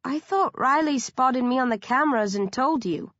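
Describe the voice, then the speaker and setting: A woman's voice: high-pitched, expressive, normal speed, fairly bright tone, no room sound, highs cut off, pitched above the performer's own voice. Snarling sarcastic teen zombie girl, as a woman reads her. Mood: puzzled. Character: brash defiant teenage girl zombie.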